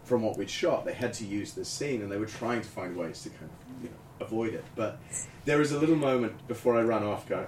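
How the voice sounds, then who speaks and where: A man's voice: on the low side, fairly quick, reverberant, distant mic, a little hiss or hum, poor audio. A man telling stories with lots of laughter in a casual panel chat. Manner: animated, laughing storyteller. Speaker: actor guest.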